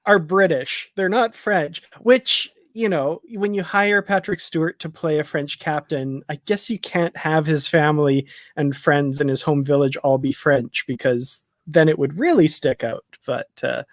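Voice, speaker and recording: A man's voice: fairly high pitch, a little slow, few pauses, no echo, studio quality. A man co-hosting a live discussion show, talking casually and rambling with lots of fillers. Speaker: podcast co-host. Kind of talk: casual chat.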